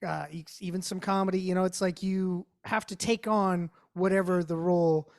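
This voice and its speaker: A man's voice: high voice, fairly even intonation, moderate pace. A man hosting an interview, chatting in an easygoing way with many fillers and restarts. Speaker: interview host. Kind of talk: casual interview chat.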